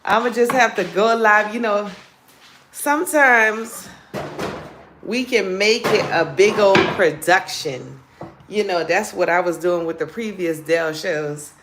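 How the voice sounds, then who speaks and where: Over a noisy background in an echoey room, a woman with a New Orleans accent chats slowly in a mid-range voice. As the comedian hosting a live stream, she jokes casually with viewers and calls them "girl" and "child."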